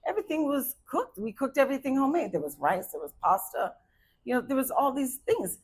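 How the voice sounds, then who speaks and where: Woman in her 50s doing stand-up, hyper and bouncy, voice sits a bit high. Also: a little fast, a little hiss or hum, low-quality recording. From Arizona, USA. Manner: hyper, animated storytelling. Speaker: stand-up comedian. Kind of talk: stand-up comedy set.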